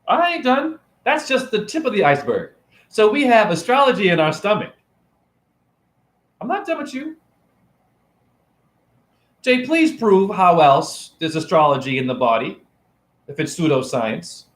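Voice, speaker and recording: With a high-pitched, sing-song, fairly bright voice, a man speaks a little slowly and pauses often during a live-stream rant recorded on a phone camera. He plays a self-proclaimed spiritual teacher, preachy and mocking, firing rhetorical questions at his chat and repeatedly asking "right?".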